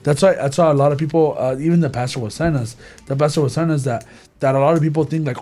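A young man in a casual Bible discussion group, slangy and animated, tripping over fillers and restarts as he explains. His voice has a husky, breathy edge. He talks like a friend among friends. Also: fairly high pitch, quick pace. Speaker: church youth group member.

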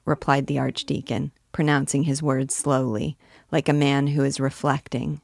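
A woman reading a classic novel aloud in a measured, deliberate way, as a teacher guiding listeners through the book. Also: very deep voice, little pitch movement, gravelly, no echo, clean studio sound.

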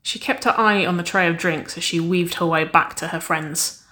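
Bright-voiced woman reading a story. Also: lowish voice, moderate pace. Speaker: narrator. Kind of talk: audiobook reading of fan fiction.

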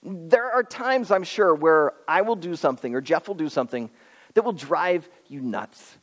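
Male pastor, sermon, earnest and animated, lively pitch swings, long hall reverb. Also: normal speed. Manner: animated, earnest, pleading preaching with swings between loud and hushed. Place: church auditorium.

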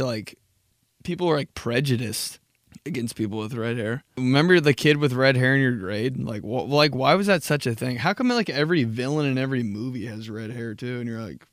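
A young man hosting a casual solo podcast, swearing a lot and ranting in an animated, crude way. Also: mid-range voice, no echo, studio quality. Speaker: podcast host.

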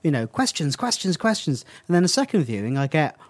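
A man's voice: a little high, very animated, quick pace. A man co-hosting a podcast, talking enthusiastically in casual chat. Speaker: podcast co-host.

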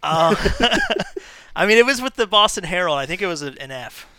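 A man in middle age talks shop on a podcast with a relaxed ease. His voice is bright and crisp, pitched a touch high for a man. He chuckles and lets sentences trail off. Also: moderate pace, no echo. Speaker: guest, games editor. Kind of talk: casual podcast chat.

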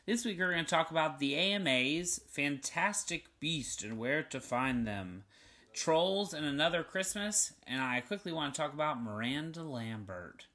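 A man's voice: fairly high pitch, animated, normal speed, sharp tone. A man with a Southern accent hosting a podcast, chatting casually and enthusiastically with lots of fillers. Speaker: podcast host. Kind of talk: casual chat.

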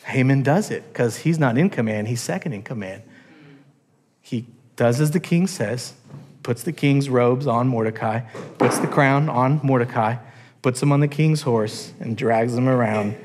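A man's voice: medium pitch, unhurried, darkish tone. A man preaching a sermon as a pastor, telling a story animatedly and acting out its characters. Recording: long church hall reverb.

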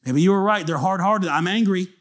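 A man's voice: sits high, brisk, pitched above the performer's own voice, close to an everyday voice. A man voicing Moses as an exasperated man arguing with God, in a raised, casual, pleading tone.

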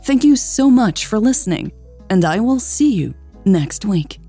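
A woman narrating an audiobook and hosting its podcast in a measured, even storytelling voice. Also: medium pitch, slightly rough, faint music behind. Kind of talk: scripted narration.

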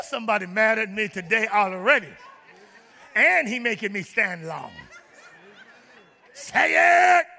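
A man preaching a sermon to his church, joking with the congregation and rising to shouts. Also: very high-pitched, big-room sound. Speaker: pastor. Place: large church.

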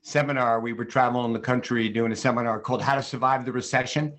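A man with a middle-pitched voice talks in a chatty, easygoing way. He tells stories from his working life in a casual business podcast chat. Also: steady tone, fast, a bit bright. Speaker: company CEO, regular podcast guest.

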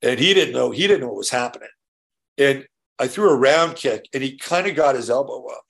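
A man hosting a casual solo show, his voice gravelly with plenty of fry. He rambles through a story and keeps checking in with "right?" between restarts. He swears now and then in an easygoing way. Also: medium pitch, expressive, a little fast, a bit bright. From California. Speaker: show host.

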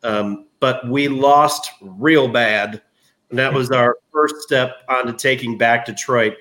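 Bright-voiced man retelling history with gusto. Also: medium pitch, slow. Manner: animated, jokey retelling of history. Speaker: podcast guest. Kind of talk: casual history storytelling.

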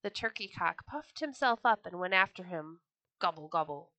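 A woman reading a children's story aloud with an expressive, gentle storytelling manner. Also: mid-range voice, normal speed, no echo, dull audio.

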